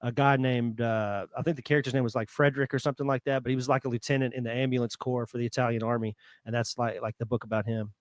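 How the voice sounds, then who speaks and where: A man's voice: medium pitch, steady tone, quick pace, hardly any pauses, no room sound, clean studio sound. Chatty man adding trivia on a podcast. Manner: chatty, adds side facts and trivia. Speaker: podcast co-host. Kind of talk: casual chat.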